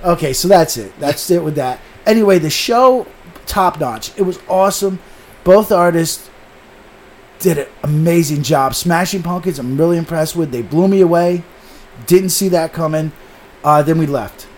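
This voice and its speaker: A man's voice: a little high, normal speed, a little mellow. A man telling a long story in a casual podcast chat, swearing often and animatedly acting out what people said.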